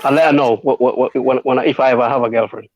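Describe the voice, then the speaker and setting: A man's voice: mid-range voice, steady tone, quick pace, darkish tone, dry recording. A man on an online call, answering insults mildly with stammers and jokes. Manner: mild, stammering, jokingly submissive. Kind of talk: casual call-in chat.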